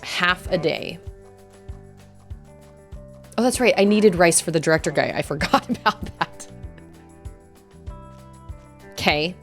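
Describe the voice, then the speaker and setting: A woman's voice: lowish voice, lively intonation, slow, pauses often, soft background music. A woman from Utah streaming a game, rambling chattily and laughing often as she plays. She enunciates carefully, with hard R's. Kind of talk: casual chat while playing a game.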